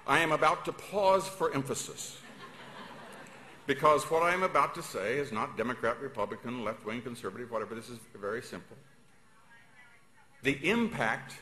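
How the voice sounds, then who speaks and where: A man giving a public speech in a folksy, emphatic way, pausing for emphasis. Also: mid-range voice, fairly bright tone, a little hiss or hum. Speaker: speaker. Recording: echoey hall.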